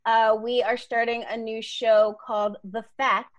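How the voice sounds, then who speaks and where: A woman comedian guests on a podcast, bubbly and quick to laugh. Her voice sits a little high. She plugs her shows in a casual, playful way. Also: level tone, muffled recording. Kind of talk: casual chat.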